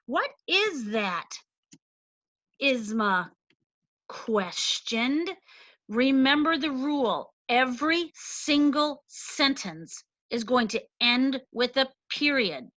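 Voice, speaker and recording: A woman teacher explaining a lesson slowly and deliberately, stressing each point. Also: high voice, animated, a bit bright, no echo, lo-fi sound. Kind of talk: recorded classroom lesson.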